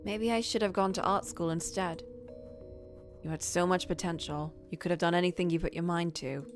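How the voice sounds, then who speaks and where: A woman's voice: lowish voice, fairly even intonation, moderate pace, soft background music, natural voice. A woman reading the lines of an older mother who dotes and nags, in her own voice. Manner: gently scolding, doting. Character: older Irish mother, fretting and nagging. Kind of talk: reading game dialogue aloud.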